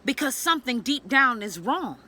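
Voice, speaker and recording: A woman's voice: sits high, very animated, moderate pace, bright, forceful tone. A woman telling a personal story to the camera, speaking bluntly with plenty of profanity and urging other women directly. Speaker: vlogger sharing a personal story. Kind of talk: candid storytelling vlog.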